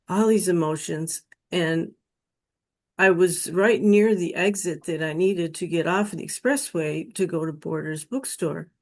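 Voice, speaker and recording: A woman telling her personal near-death experience story in an earnest, emotional way. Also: lowish voice. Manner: slow, earnest, emotional retelling.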